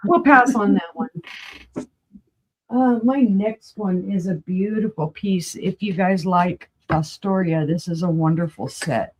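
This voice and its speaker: A woman from New Mexico, with the region's accent and a medium-pitched, darkish voice, chats as a guest seller on a live auction stream. She's folksy and talkative, describing glassware to viewers in close detail.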